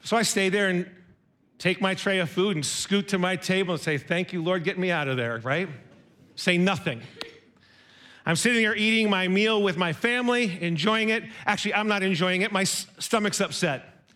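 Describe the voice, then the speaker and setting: High-voiced middle-aged man preaching. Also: normal speed. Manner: conversational, self-deprecating, animated retelling with quoted dialogue. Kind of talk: sermon storytelling.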